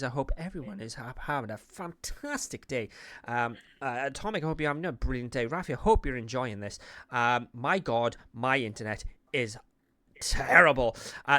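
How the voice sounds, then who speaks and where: A man's voice: mid-range voice, sharp tone, no room sound. A man with a Welsh accent hosting a casual chat, talking in a rambling, jokey way. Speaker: podcast host.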